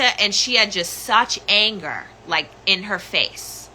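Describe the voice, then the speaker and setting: Woman recounting her own story, really bright sharp tone, urgent and raw, faint hiss behind. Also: medium pitch, a little slow, hardly any pauses, poor audio. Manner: urgent, candid, with frequent restarts. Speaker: podcast host telling her own story. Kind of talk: personal storytelling.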